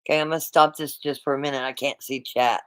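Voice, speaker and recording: A man hosts a livestream and talks to his viewers in a loose, rambling way, often circling back to repeat himself. His voice sits at a middling pitch. It sounds close and dry, with no room echo. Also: flat delivery, fast, a bit bright, clear, resonant tone. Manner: addresses the chat directly, rambling and repetitive. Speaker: livestream host. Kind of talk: casual livestream chat.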